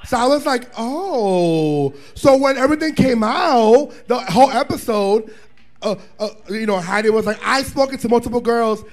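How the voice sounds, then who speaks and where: A man in a drag panel chat, telling a story in a sassy, loud, profane way, often breaking into laughs. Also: very high voice, normal speed. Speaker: drag performer guest. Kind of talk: animated live panel chat. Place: bar viewing party.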